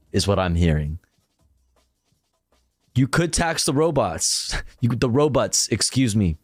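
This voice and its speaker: A man's voice: medium pitch, no room sound, clean studio sound. A man reacting casually on a live stream, cracking jokes and swearing now and then. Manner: joking interjections, swears casually.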